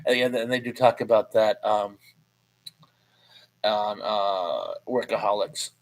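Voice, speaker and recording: A man's voice: lowish voice, slow pace, rough recording. A man in his fifties hosting a live stream in a casual, chatty way, reading viewer comments aloud and laughing often. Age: 50s.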